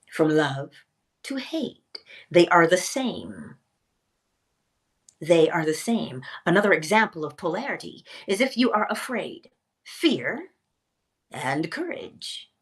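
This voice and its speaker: A woman teaching a spiritual lesson in a theatrical way, pausing often and dropping to a whisper for emphasis. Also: fairly low pitch, very animated, husky.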